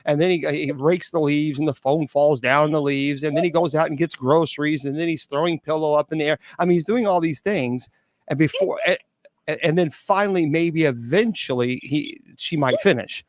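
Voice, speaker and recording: A man with a fairly high voice hosts a casual chat as a bishop. He tells an animated story full of repeated words and acted-out quotes. His voice is close and dry, with no room sound. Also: normal speed, dry recording. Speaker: bishop and show host.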